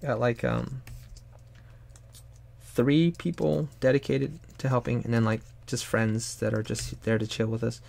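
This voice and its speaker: A young adult man chatting casually while he draws on a live stream, rambling and animated, sometimes bursting into loud high put-on exclamations. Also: unhurried, gravelly. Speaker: streamer and artist.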